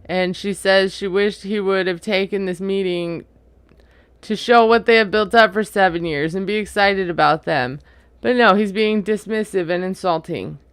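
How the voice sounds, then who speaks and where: A woman giving a casual, opinionated recap of a reality TV episode, chatty and quick to laugh. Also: medium pitch, clear, resonant tone, no room sound.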